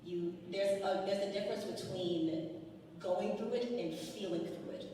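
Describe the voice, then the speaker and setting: A woman's voice: medium pitch, a little slow, dark tone, slight background noise. A woman on a panel speaking with emphasis and affirmation, repeating her phrases for weight. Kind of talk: impassioned panel talk. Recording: echoey hall from far off.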